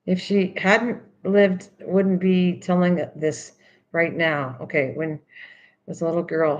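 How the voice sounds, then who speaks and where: A woman's voice: sits low, highs cut off, a little hiss or hum. An older woman hosting a craft video, chatting casually and teasingly, repeating words over and over while she works.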